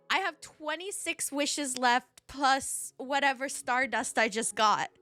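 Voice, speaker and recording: A woman streaming a game live, talking to her chat and breaking into excited squeals. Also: high-pitched, measured pace, soft background music.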